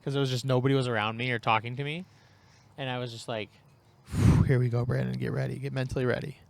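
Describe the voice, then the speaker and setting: A man co-hosting a podcast, telling a story in a relaxed, chatty way and acting out the lines he quotes. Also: medium pitch, fast, creaky. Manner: animated, acts out quoted lines. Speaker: podcast co-host. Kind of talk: casual storytelling chat.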